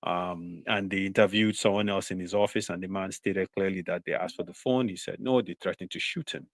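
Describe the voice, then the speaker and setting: A man with a low, gravelly voice argues his case on a live talk show. He speaks in a measured way, often checking in with "you know". The sound is close and dry, with no room in it. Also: fairly even intonation, no room sound. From southern Nigeria. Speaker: panelist.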